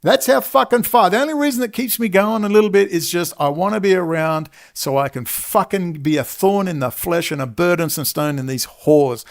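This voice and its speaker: A man's voice: on the high side, gravelly. A man ranting as a commentator in an angry monologue, swearing and saying he is exhausted. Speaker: political commentator.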